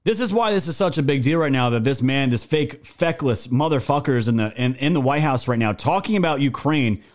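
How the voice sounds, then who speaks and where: A man's voice: mid-range voice, lively intonation, brisk. A man hosting a political live stream, commenting and reading viewer chat in an indignant, emphatic and sometimes profane way. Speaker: political talk show host.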